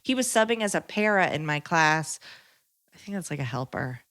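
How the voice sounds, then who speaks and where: A woman's voice: deep voice, lively intonation, normal speed, fairly bright tone. A woman co-hosting a podcast, reading listener letters aloud and chiming in with short agreements. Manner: reads letters evenly, short agreeing replies.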